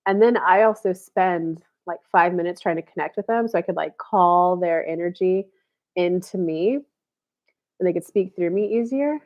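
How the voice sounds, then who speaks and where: In a lowish voice at normal speed, a woman hosts a live stream of intuitive readings, heard through dull audio. She chats casually and delivers channeled messages, short of breath, with many fillers and restarts.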